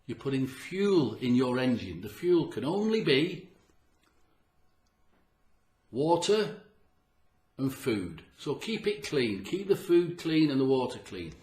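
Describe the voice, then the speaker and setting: A man's voice: mid-range voice, big pitch swings, slow pace, long pauses, darkish tone. Man for a motivational health vlog: earnest and emphatic, repeats himself for effect, slightly out of breath, roomy echo. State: audibly short of breath. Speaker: health vlogger. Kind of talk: motivational talk to camera.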